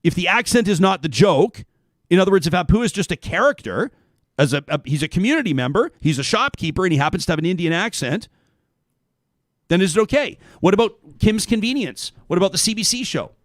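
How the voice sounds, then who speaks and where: A Canadian man hosting a talk show, thinking aloud in a casual monologue, correcting himself and filling pauses as he goes. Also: high-pitched, lively intonation, no room sound, studio quality. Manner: thinking aloud, self-correcting, many fillers.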